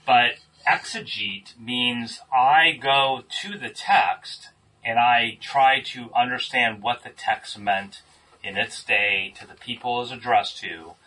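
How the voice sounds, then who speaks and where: A man's voice: mid-range voice, bright, forceful tone, husky. A man leading a casual group Bible study, thinking aloud and stressing key words. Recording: distant mic with faint room noise.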